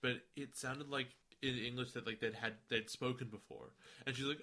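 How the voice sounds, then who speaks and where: A man co-hosting a podcast, talking in a loose, casual way. His voice is bright and forward, and he gets animated when acting out lines in playful voices. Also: medium pitch, normal speed. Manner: animated, acts out quoted lines in funny voices. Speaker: podcast co-host. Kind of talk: casual chat.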